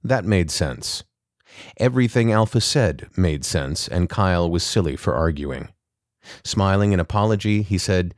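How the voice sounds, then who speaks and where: A man narrating a short story in a measured, even delivery. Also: low-pitched, no room sound, studio quality.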